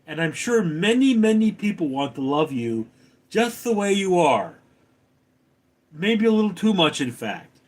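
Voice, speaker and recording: A man's voice: high voice, sing-song, unhurried. A man hosting a casual livestream, reading viewer comments aloud and answering them with wry jokes. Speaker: livestream host reading chat. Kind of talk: casual live chat.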